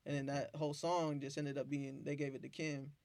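A man, a beat producer, telling profane, animated stories in a casual interview. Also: fairly high pitch, a little fast, gravelly, dry recording. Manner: profane, animated storytelling with acted-out quotes.

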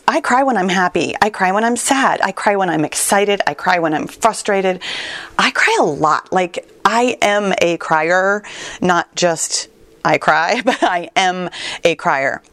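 A woman's voice: on the low side, a bit bright, no echo. A woman hosting a personal podcast as a fitness trainer, on the verge of tears, emotional and tearful, laughing now and then and repeating words as she searches for them.

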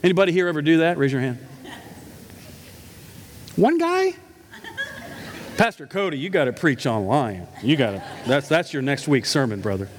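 High-voiced man preaching in a reverberant hall. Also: sing-song, moderate pace, pauses often, slight background noise. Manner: storytelling, emphatic with humorous asides. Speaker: pastor. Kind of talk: sermon. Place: church sanctuary. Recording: echoey church hall.

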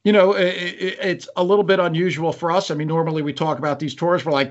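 A man co-hosting a podcast, talking casually about concert tours in a measured, wry way. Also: on the high side, steady tone. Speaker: podcast co-host. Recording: dull lo-fi sound.

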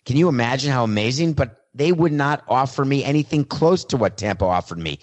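A man's voice: mid-range voice, lively intonation, brisk, a little mellow, lightly acted. A man playing a blunt star quarterback. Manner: plain own voice, no attempt at an impression. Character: famous male star quarterback, blunt at a press conference. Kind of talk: mock press-conference monologue.

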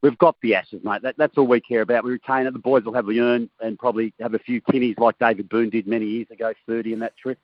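A man's voice: medium pitch, fairly even intonation, quick pace, hardly any pauses, no room sound, lo-fi sound. A man, a guest calling in by phone and telling jokey stories in a casual chat. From Australia. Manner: jokey storytelling. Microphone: phone line.

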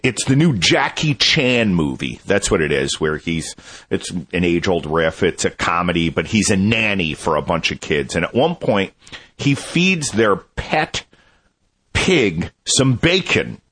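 Lively husky-voiced man telling a story. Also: low voice, unhurried. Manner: chatty, self-amused storytelling. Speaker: show contributor. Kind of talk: casual storytelling monologue.

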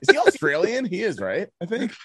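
A man's voice: high voice, wildly swooping pitch, moderate pace, fairly bright tone, husky, no echo. A man co-hosting a podcast, trading crude, profane jokes and laughing often. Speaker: podcast co-host. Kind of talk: casual crude banter.

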